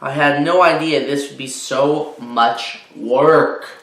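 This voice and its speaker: A man's voice: medium pitch, fairly even intonation, slow pace, a bit bright. A man voicing an exasperated mother who scolds and bargains with her son, read aloud in a roomy space. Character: exasperated mother sorting her son's toys. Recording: roomy echo.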